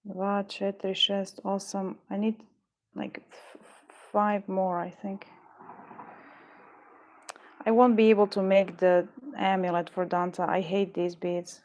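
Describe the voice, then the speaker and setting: Working on beads during a casual live stream, she grumbles and wanders off on tangents, swearing occasionally. Her mid-range voice is flat and slightly mellow, unhurried and broken by frequent pauses.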